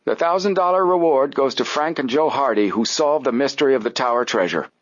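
A man voicing a stately, wealthy older gentleman making formal announcements in an audiobook. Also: mid-range voice, fairly quick, dry recording, highs cut off, voice pushed up, natural voice. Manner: formal, declaring.

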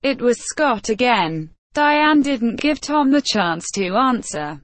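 A woman reading a story aloud as narrator, telling it slowly and evenly, with light voices for the characters. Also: a little high, no echo. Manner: slow, even storytelling with small character voices. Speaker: audiobook narrator. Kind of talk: scripted narration.

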